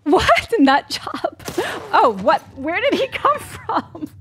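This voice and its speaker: A woman streaming a video game, reacting excitedly, cursing and laughing and yelping when startled. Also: very high-pitched, slow, slight background noise. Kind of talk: live gameplay reactions.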